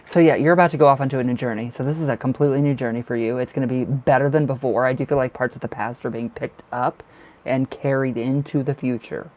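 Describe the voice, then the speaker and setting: A man's voice: medium pitch, steady tone, fast talker, a little mellow. A man giving live tarot readings on a stream, chatty and reassuring, full of fillers and emotion. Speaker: tarot reader.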